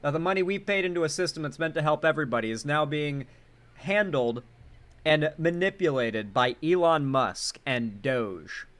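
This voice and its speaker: Sarcastic, animated young man commentator. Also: on the high side, moderate pace. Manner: sarcastic, animated, swings between loud emphasis and quiet asides. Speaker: political commentary host. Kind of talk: casual political commentary.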